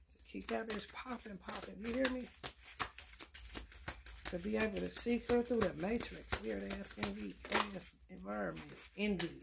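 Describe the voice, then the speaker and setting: A woman's voice: on the high side, vocal fry, slight background noise. A woman giving a blunt, profane, preachy casual tarot reading. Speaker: tarot reader.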